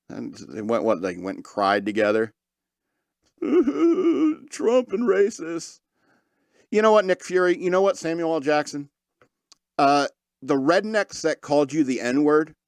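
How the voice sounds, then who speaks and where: A man's voice: medium pitch, dry recording, clean studio sound. A man hosting a podcast, reading news stories aloud and breaking off into sarcastic, mocking asides. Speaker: podcast host. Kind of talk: comedic news commentary.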